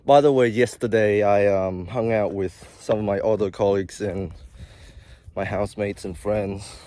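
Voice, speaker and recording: A lowish, mellow male voice with fairly even intonation and normal speed belongs to a young healthcare worker vlogging casually. Out of breath, he confides in his viewers and rambles through frequent asides.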